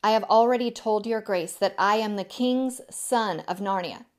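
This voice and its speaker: A woman's voice: mid-range voice, normal speed, close to an everyday voice. A stern young prince who speaks formally and firmly, as a woman reads him. His lines are clipped and proud.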